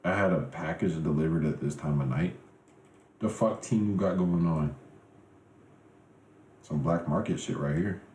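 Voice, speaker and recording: A man in his twenties chatting casually and profanely with his livestream viewers, joking in an animated way that drops to low mutters. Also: a little slow, long pauses, reverberant, a little hiss or hum, low-quality recording. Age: 20s. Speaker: live streamer.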